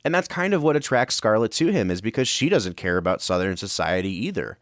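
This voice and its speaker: This film podcast co-host has a low-leaning, sing-song voice and speaks fast with few pauses. He builds analytical arguments thoughtfully but casually, in a studio-quality recording with no echo.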